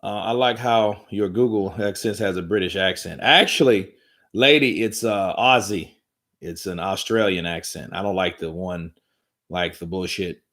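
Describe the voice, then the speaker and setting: Man hosting a live stream, lowish voice, rambling, swearing, joking, casual commentary. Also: fairly bright tone. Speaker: boxing commentary host.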